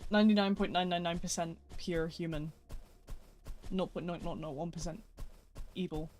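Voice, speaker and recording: A man's voice: a little high, fairly even intonation, normal speed, a little mellow. A man streaming a video game, chatting casually with viewers in a playful, joking way with mock-dramatic outbursts. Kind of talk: casual live-stream chat while gaming.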